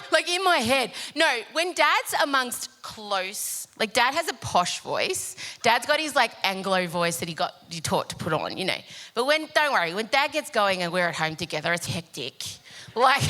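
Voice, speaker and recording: Bright-voiced woman telling stories. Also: a little high, normal speed. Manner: animated storytelling, swears freely. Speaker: podcast co-host. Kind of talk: live podcast chat. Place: live show stage.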